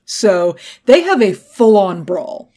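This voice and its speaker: A woman co-hosting a podcast who recaps a TV episode in a casual, animated way, swears freely and acts out the quotes. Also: medium pitch, slow. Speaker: podcast co-host.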